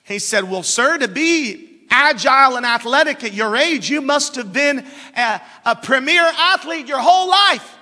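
A man preaching a sermon, telling a story and building up to shouted, fervent lines. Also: extremely high pitch, lively intonation, unhurried. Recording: long reverb of a hall.

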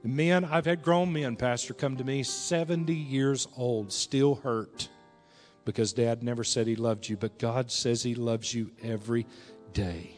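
Pastor guy preaching, goes hushed then loud, soft music behind in a big hall. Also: medium pitch, unhurried. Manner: storytelling, swings between hushed and raised. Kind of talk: sermon. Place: large church hall. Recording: reverberant church hall with music.

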